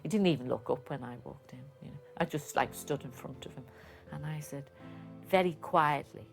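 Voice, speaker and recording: An older woman with a Liverpool accent reminisces in an interview. Her voice sits low, and she tells stories with relish, acting out the people she quotes. Faint music plays behind her. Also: normal speed, gravelly.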